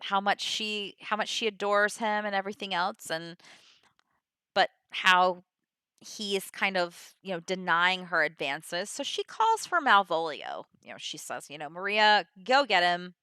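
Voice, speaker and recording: A woman's voice: mid-range voice, sing-song, measured pace, bright, forceful tone, clear, resonant tone, dry recording. A woman casually summarizing the plot of a play, chatty and full of filler words. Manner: chatty, full of 'you know' and 'like'.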